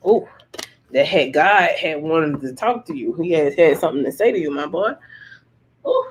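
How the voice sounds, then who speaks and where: A woman's voice: low voice, expressive, normal speed, a little hiss or hum. Profane, rambling woman tarot reader. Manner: profane, rambling, laughs often; emphatic, repeats herself for effect. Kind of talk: casual livestream tarot chat.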